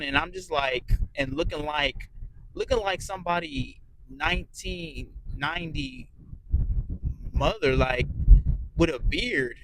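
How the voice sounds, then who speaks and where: A man's voice: a little high, a bit bright, slight background noise, rough recording. A man giving a casual, rambling review of a reality show. He swears constantly, speaks bluntly and fills his talk with ums and restarts. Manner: rambling, blunt, heavy cursing, frequent fillers. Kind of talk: casual profane audio review.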